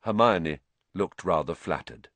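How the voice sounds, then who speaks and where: A man narrating a storybook as an audiobook, with an expressive, dramatic reading. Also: deep voice, unhurried, no room sound.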